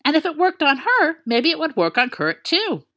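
A woman reading a story aloud in a playful, expressive way. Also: high-pitched, normal speed. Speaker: narrator. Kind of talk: storybook fan-fiction reading.

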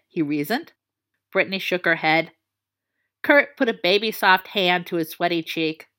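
A woman narrating a story in a playful, expressive reading. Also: on the low side, normal speed.

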